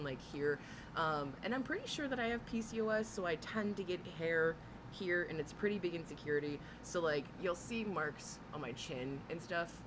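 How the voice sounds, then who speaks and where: A woman's voice: fairly low pitch, noisy background. A woman in her thirties, a reaction streamer chatting casually with her live viewers, laughing often as she greets them. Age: 30s. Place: home room with air conditioner humming.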